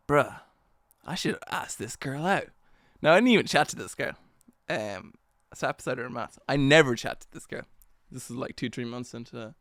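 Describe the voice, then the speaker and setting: A man's voice: mid-range voice, no room sound, studio quality. A young man hosting a solo podcast, telling a story in a rambling, self-mocking way with lots of slang and fillers. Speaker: podcast host.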